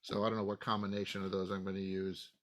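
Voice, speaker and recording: A man's voice: deep voice, flat delivery, quick pace, crowd noise. A man playing a tabletop game, speaking hesitantly and earnestly, often repeating words. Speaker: player.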